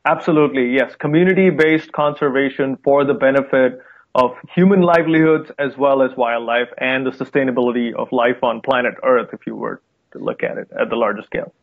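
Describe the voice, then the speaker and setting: A man's voice: mid-range voice, fairly quick. Indian man on a tinny call line. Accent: Indian, softened by time in the U.S. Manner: friendly, enthusiastic, with fillers and light laughs. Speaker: wildlife conservationist guest. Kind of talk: casual interview talk. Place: home room with a guitar behind him.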